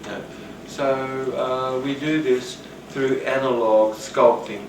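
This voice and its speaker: Guy teaching a workshop, rambly and animated, echoey room, off-mic with background noise. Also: medium pitch, takes it slowly. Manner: rambling, animated, acts out quoted voices. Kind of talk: teaching talk on rapport. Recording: roomy, distant, noisy.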